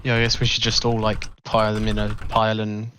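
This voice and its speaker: A man's voice: fairly low pitch, completely flat delivery, fast, a bit bright, a little hiss or hum. A man playing a tabletop game, chatting casually and tentatively. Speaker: player.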